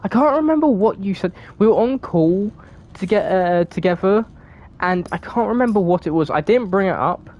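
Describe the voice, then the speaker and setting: A woman's voice: medium pitch, lively intonation, moderate pace, a little mellow, muffled recording. A woman with a southern English accent, from England, chatting casually while streaming a game, sweary, giggly and rambling.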